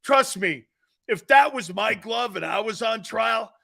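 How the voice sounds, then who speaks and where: Loud gravelly sports talk host. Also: male voice, sits high, animated, a little slow. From lives in Florida. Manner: loud, joking, laughs often, blunt. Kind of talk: live sports radio talk.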